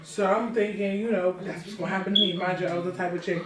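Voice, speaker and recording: Young woman, mid pitch, measured dramatic storytelling, distant mic, echoey room, crowd noise. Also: steady tone. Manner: measured, dramatic retelling of her own feelings. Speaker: vlogger and twin sister. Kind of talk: storytime vlog.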